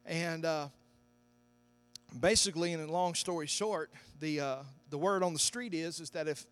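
A man preaching a sermon, telling a story that builds to loud, shouted climaxes. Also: fairly high pitch, normal speed, clear, resonant tone. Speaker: pastor.

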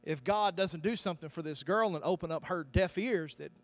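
A man preaching a sermon, telling a story that builds to loud, shouted climaxes. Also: sits high, a little fast. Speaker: pastor.

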